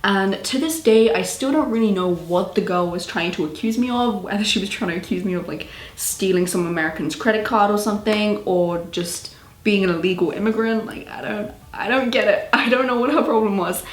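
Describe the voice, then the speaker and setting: A young woman with a British accent telling a storytime vlog in an animated, exasperated way. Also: medium pitch, fairly quick, roomy sound. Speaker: vlogger.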